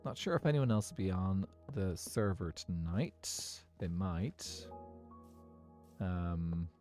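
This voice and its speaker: A man's voice: low-pitched, takes it slowly, mellow, faint music behind. An Irish man streaming a game, chatting casually and thinking aloud to his viewers in a rambling way. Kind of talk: casual live-stream chat while gaming.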